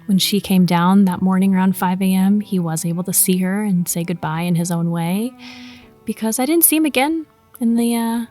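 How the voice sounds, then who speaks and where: A woman podcast host telling a personal ghost story in a chatty, animated way, acting out the quoted lines. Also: mid-range voice, normal speed, faint music behind. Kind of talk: casual storytelling.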